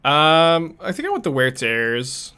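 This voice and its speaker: A man's voice: fairly high pitch, huge pitch swings, a little slow, pushed and bright, clean tone. A young man casually commenting on a card game as he plays, thinking aloud and laughing often.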